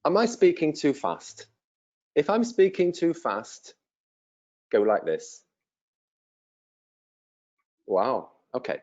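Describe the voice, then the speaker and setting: A man in his fifties from England, an English teacher speaking slowly and simply to learners, friendly and encouraging, with many pauses. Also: a little high, wildly swooping pitch, darkish tone, highs cut off. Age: 50s. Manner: slow and clear, with many pauses and fillers. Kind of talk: slow, simple self-introduction to language learners.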